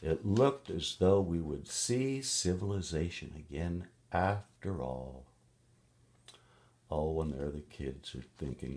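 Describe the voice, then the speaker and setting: A man's voice: rumbling low, expressive, slow pace, darkish tone. A man reading a picture book aloud to a child, playful, with gasps and little sung sound effects.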